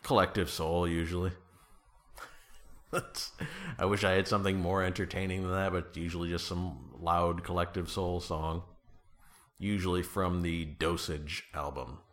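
A man with a low, bright, forceful voice chatting casually. He gives playful answers in a deadpan way. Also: unhurried. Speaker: guest. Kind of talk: casual chat.

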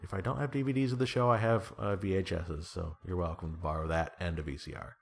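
A very low-pitched middle-aged man talks loosely and casually as a guest. He wanders through his thoughts with frequent restarts and fillers, and he pokes fun at himself. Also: fairly even intonation, fast talker, vocal fry. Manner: rambling, self-deprecating, trails off with fillers and restarts. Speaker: guest being interviewed. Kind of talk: casual conversation.

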